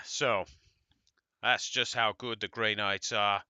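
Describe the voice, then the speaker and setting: A man's voice: lowish voice, steady tone, takes it slowly, pauses often, bright, forceful tone, no room sound, dull audio. A man with an American accent, co-hosting a podcast and chatting casually in a rambling, laid-back way, swearing now and then. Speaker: podcast co-host. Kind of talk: casual tabletop wargame discussion.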